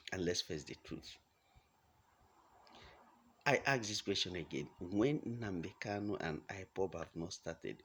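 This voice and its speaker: A man's voice: deep voice, unhurried, pauses often, a bit bright, husky. A man from Nigeria with a Nigerian accent, giving a heated, blunt monologue full of rhetorical questions. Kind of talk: impassioned monologue. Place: home in the United States.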